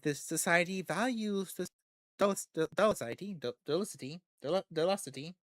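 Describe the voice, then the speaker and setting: A poised female vampire patron who speaks in a measured, coolly confident way, offering her terms calmly, as a game streamer reads her lines aloud. The voice stays in a middle register. The sound is dry and close, with no room echo. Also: medium pitch, close to an everyday voice. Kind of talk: reading game dialogue aloud.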